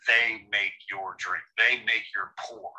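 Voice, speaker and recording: A man's voice: fairly low pitch, steady tone, takes it slowly, pushed and bright, low-quality recording. An American man co-hosting a casual chat, opinionated and joking, with many restarts. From United States. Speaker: podcast co-host.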